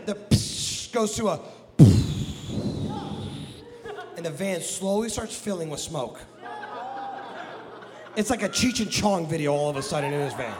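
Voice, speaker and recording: High-voiced animated preacher from the Midwest. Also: male voice. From American Midwest. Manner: animated, jokey, breaks into shouts. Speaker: guest pastor. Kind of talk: comedic sermon storytelling. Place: church sanctuary. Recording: long hall reverb in a church.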